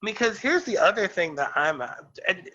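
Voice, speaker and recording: A man's voice: high-pitched, big pitch swings, moderate pace, pushed and bright, dull audio. A man co-hosting a casual podcast chat, ranting in a sassy, emphatic way. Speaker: podcast co-host.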